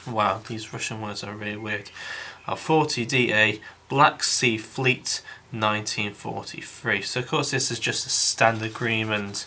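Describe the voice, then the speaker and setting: Rambling man with a bright voice. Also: fairly low pitch, steady tone, a little slow. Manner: rambling, hesitant, thinks aloud with many restarts; addresses viewers as guys. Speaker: scale model kit reviewer. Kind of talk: casual unboxing review.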